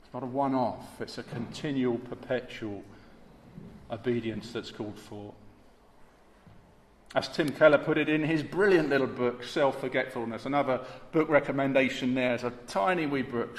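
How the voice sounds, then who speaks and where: Male preacher, mid-pitched, hushed-to-forceful delivery, recorded in a large church hall with lingering reverb. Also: normal speed. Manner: emphatic, rhetorical, swings between hushed and forceful. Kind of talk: sermon. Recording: echoey hall, long reverb, faint background hiss.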